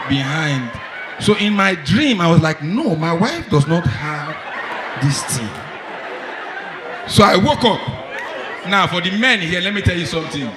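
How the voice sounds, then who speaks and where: A man doing stand-up, telling a story in an animated way and speaking straight to the men in the audience. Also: on the high side, background noise. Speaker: stand-up comedian. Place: comedy club stage. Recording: echoey live club, from far off, crowd.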